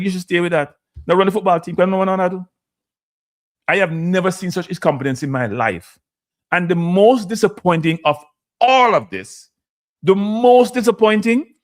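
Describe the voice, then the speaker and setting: A fiery Jamaican man hosting his own live stream, venting with rising heat. He slips between standard English and patois, and his voice sits a touch higher than most men's. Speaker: host. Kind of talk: impassioned live-stream rant.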